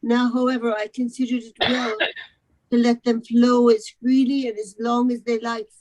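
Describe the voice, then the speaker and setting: A woman narrating a novel aloud, expressive, with occasional stumbles over the words. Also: fairly high pitch, normal speed, rough recording. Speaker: narrator in a charity readathon.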